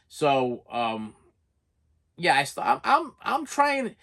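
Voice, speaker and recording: A middle-aged man hosting a movie collecting channel, telling a personal story in a halting, emotional vlog monologue and repeating his words as he goes. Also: on the high side, wildly swooping pitch, creaky, fairly bright tone. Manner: halting, repeats words, voice rises when upset.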